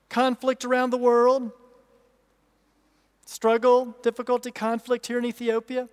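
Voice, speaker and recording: A pastor preaching a sermon, emphatic, repeating key phrases and asking rhetorical questions. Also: male voice, very high voice, completely flat delivery, unhurried, pauses often, clean tone. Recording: long reverb of a large hall.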